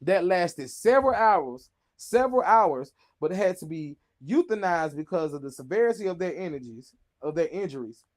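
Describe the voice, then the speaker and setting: A high-pitched man reads the news aloud in a loose, joking way. He trips over unfamiliar names and breaks into laughter as he riffs on each story for his co-host. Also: lively intonation, normal speed, hardly any pauses. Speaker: show host. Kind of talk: casual news reading with commentary.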